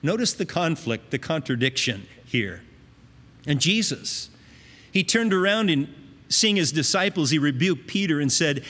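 Male preacher, sermon, fairly high voice, earnest conversational teaching, long hall reverb. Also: very animated, measured pace, a bit bright.

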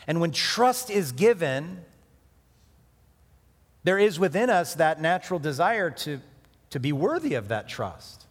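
A middle-aged man preaching a sermon in a conversational, animated way, with sudden emphatic rises. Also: fairly high pitch, unhurried, pauses often. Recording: hall reverb.

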